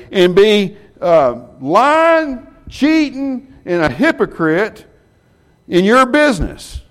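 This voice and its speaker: A man preaches to a small Bible class. His voice sits a bit high for a man and swings widely in pitch. He keeps throwing rhetorical questions at his listeners.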